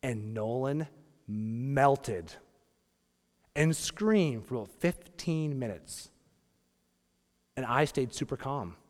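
A man in his thirties preaching a sermon as a pastor, joking, moving between hushed asides and emphatic bursts. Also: medium pitch, lively intonation, takes it slowly, pauses often. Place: church sanctuary. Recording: long reverb of a church hall.

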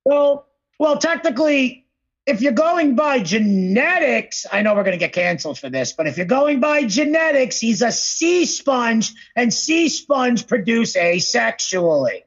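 A man co-hosting a casual podcast, rambling and profane, who slips into quick voice impressions while he talks. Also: very high-pitched, big pitch swings, lo-fi sound. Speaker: podcast co-host.

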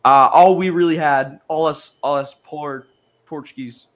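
A man's voice: a little high, measured pace. A man hosting a wrestling podcast in casual chat, rambling and laughing at himself. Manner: rambling, self-mocking, animated. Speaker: podcast host.

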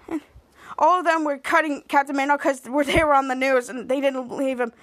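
A woman's voice: high-pitched, flat delivery, a little fast, a bit bright, dry recording. A woman hosting a podcast, casually recapping an episode in a rambling way and acting out the scenes. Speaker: podcast host.

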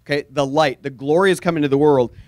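A man preaching a sermon to his congregation, earnest and animated, with sudden bursts of energy. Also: a little high, fast, no room sound. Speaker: pastor.

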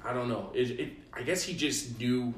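A man's voice: medium pitch, moderate pace, recorded from a distance. A young man from Illinois hosting a podcast, telling a long personal story in casual chat, acting out the quotes and laughing often. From Illinois, USA. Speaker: podcast host. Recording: roomy, from off-mic.

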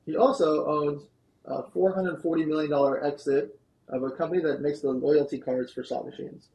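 A man, a guest on a podcast, telling a long story in an animated, fast-moving way. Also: on the high side, muffled recording, a little hiss or hum. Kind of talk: storytelling interview answer. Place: podcast studio.

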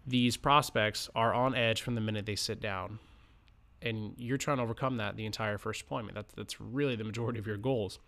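A man hosts a casual instructional podcast coaching financial advisors, talking conversationally with many fillers and restarts and often pausing to act out sample lines to clients. His fairly low voice is steady, a little fast, bright and forceful, with vocal fry.

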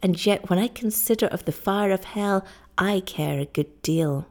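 A woman reading the part of a grieving young island husband, low and sorrowful. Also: moderate pace, close to an everyday voice. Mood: despairing.

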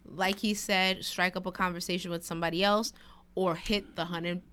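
Smooth-voiced woman, matter-of-fact. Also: fairly low pitch, fairly even intonation, moderate pace, a bit bright. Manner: matter-of-fact, many "mm-hmm" backchannels. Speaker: podcast co-host. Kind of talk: casual advice talk.

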